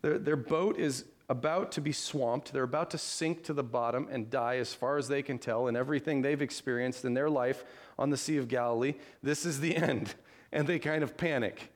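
A man's voice: medium pitch, fairly even intonation, normal speed. A man preaching a sermon in an earnest, conversational way, asking the listeners rhetorical questions. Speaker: pastor.

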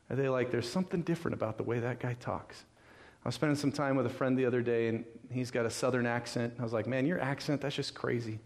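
A male pastor from California delivers a sermon with lively storytelling. He slips in and out of character voices and keeps asking his listeners questions. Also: medium pitch. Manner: animated storytelling, acting out voices, rhetorical questions.

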